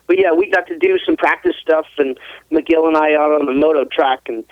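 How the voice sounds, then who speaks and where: Brief: high-voiced laughing racer, rambling stories, tinny dry phone line. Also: male voice, normal speed, no echo. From US West Coast. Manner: laughs often, rambling, animated. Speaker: guest, ATV racer. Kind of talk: casual storytelling interview.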